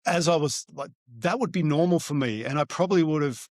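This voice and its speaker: A middle-aged man, a guest telling a personal story in an interview, halting and searching for words with frequent fillers and restarts. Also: fairly high pitch, no room sound, studio quality. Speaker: guest, divorced father.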